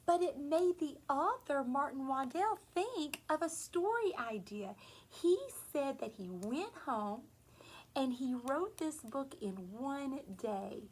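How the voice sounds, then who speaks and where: A woman teacher reading a picture book to young children in a gentle, sing-song way. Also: sits high, animated, takes it slowly, slight background noise, rough recording. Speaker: preschool teacher.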